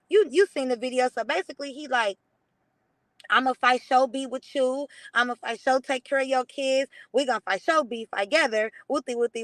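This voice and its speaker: With no room sound on the recording, a young adult woman on a livestream speaks in a high voice as a guest. She animatedly retells a swear-filled story, performing each line of dialogue.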